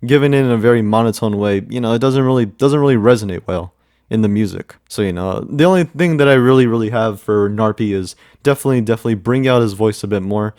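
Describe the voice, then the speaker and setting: A man's voice: fairly low pitch, quick pace, darkish tone, no echo, clean studio sound. A man giving casual commentary as a music reviewer, rambling with many repeats and fillers.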